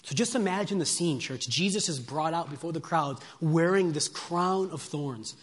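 Guy preaching in a church, fairly high voice, goes big then drops real quiet, long echo off the hall. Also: normal speed. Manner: dramatic swings from loud emphatic to hushed. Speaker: pastor. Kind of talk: sermon.

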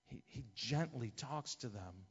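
A man, a pastor preaching a sermon, impassioned and swinging between loud and hushed. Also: medium pitch, animated, measured pace, slightly rough. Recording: dull lo-fi sound with long hall reverb.

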